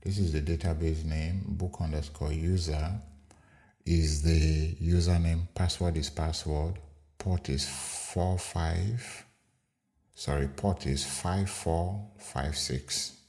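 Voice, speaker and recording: A man hosting a screen-recorded coding tutorial, explaining each step in an unhurried way with fillers. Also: extremely low pitch, fairly even intonation, mellow. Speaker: programming tutorial host.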